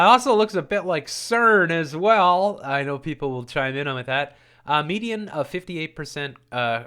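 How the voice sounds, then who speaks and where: A man's voice: mid-range voice, a bit bright, smooth. A man hosting his own channel, reading news items and ranting over them in a sarcastic, rambling way, laughing often. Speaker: host.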